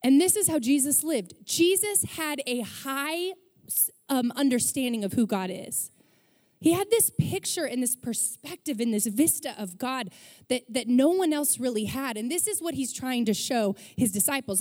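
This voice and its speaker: High-voiced woman pastor preaching with reverb. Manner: animated storytelling, acts out quoted voices. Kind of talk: sermon.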